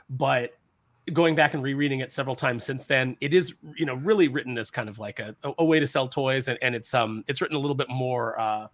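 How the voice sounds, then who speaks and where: A man's voice: medium pitch, a bit bright, dry recording. A man chatting casually on a comics talk show, enthusiastic and rambling with many fillers. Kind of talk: casual chat.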